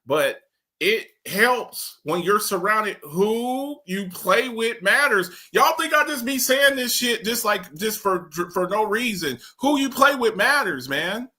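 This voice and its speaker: A man hosting sports talk, ranting in an animated way with big swings of pitch and loudness. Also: slow pace. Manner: loud, excitable, swings high and low in pitch, slips into mock voices.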